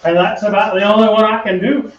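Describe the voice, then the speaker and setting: This middle-aged woodworking host talks fast in a high voice with fairly even intonation, chatting as he works and drifting into rambling, self-deprecating tales. Recorded in his home workshop, the sound is distant, echoey and dull with a faint hum.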